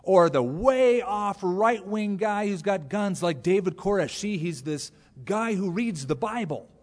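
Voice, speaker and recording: Animated male preacher in a reverberant hall. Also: high-pitched, unhurried. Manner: animated preaching with acted-out quotes. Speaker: pastor. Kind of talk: sermon.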